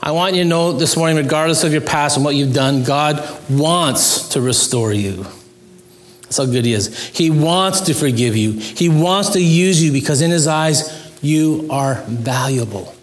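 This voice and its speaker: A male pastor delivers a sermon in an earnest, pleading way. His voice sits a little higher than most men's, and it climbs further whenever he drives a point home. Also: moderate pace. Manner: earnest, pleading, rises in pitch when stressing points.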